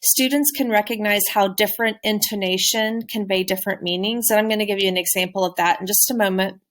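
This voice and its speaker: A woman teacher giving a recorded presentation on a classroom game, speaking clearly and encouragingly. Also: medium pitch, fairly even intonation, fast, a bit bright. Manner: clear, encouraging, with modeled questions.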